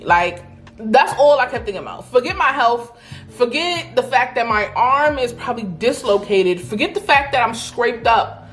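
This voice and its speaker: A young woman telling a story to camera in a casual storytime vlog, animated and slangy, acting out the voices of the people in her story. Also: a little high, unhurried, soft background music. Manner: animated, acts out quoted voices, slangy and emphatic. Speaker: beauty vlogger telling a story. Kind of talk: casual storytime while eating.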